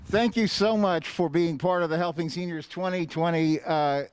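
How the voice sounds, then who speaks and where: A man's voice: on the high side, fairly even intonation, normal speed, a little hiss or hum. A man co-hosting a charity event, giving upbeat, thankful closing remarks. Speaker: event co-host.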